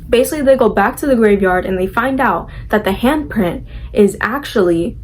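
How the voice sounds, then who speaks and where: A woman's voice: mid-range voice, expressive, a little mellow, a little hiss or hum. Chatty young woman recapping a movie. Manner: chatty, full of "like" fillers, opinionated; acts out characters' lines with quick voices.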